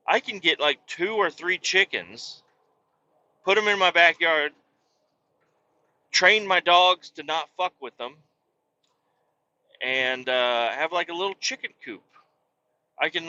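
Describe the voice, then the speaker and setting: A hiccuping dad of young children hosts a podcast, wandering through a casual monologue with plenty of swearing and frequent restarts. His voice sits on the high side, pushed and bright, and the recording is muffled.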